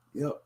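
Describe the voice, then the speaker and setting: An easygoing man from Louisiana hosts a casual livestream, chatting and rambling and laughing often. His voice is mellow, with a little hiss or hum in the audio.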